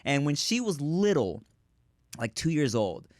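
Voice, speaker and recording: A man's voice: fairly high pitch, sing-song, unhurried, dry recording, clean studio sound. A man co-hosting a podcast, telling a family story in casual chat, laughing often and swearing freely. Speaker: podcast co-host; father of a young daughter.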